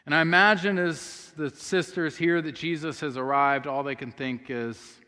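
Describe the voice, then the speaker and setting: A man's voice: a little high, fairly even intonation, moderate pace, few pauses, sharp tone, clean tone. A man preaching a sermon as pastor, telling a story earnestly and speaking the sisters' words aloud. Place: church sanctuary. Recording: long hall reverb.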